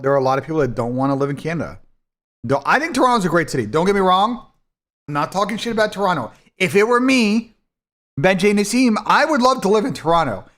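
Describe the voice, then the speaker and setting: A man's voice: on the high side, a bit bright. A man hosting a live esports watch party in casual, blunt, profane talk that rambles and restarts. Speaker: esports streamer and commentator.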